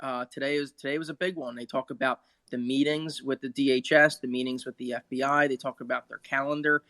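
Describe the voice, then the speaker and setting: Measured man talking into a dry mic. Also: medium pitch, fairly even intonation, sharp tone, dry recording. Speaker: discussion participant explaining the thread. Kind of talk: casual online audio chat. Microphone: phone app audio room.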